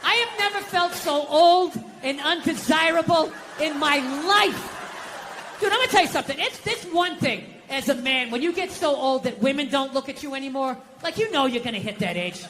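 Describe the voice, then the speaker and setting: A man's voice: very high-pitched, animated, moderate pace, bright, forceful tone, slight background noise. A man doing stand-up comedy with a Boston accent, ranting through a profane story on a stage mic in front of a live audience.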